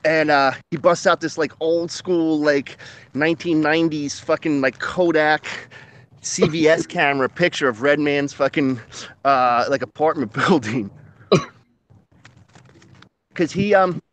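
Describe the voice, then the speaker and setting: A man's voice: fairly high pitch, measured pace, fairly bright tone. Laid-back, laughing man in casual chat. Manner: laid-back, profane, laughs often, breaks into impressions. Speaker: podcast co-host.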